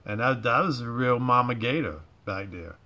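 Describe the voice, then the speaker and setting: Bright-voiced Southern drawling man. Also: medium pitch, moderate pace. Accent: Southern US drawl with Cajun touches. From Florida, USA. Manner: rambling, repeats himself, folksy slang. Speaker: livestream host. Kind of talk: casual livestream chat. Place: home garage.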